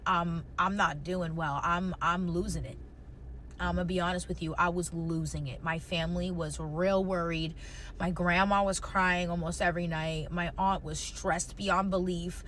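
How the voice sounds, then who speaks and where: A woman's voice: mid-range voice, pushed and bright, a little hiss or hum, poor audio. A young woman telling a painful personal story to camera, emotional and close to tears, swearing and repeating herself.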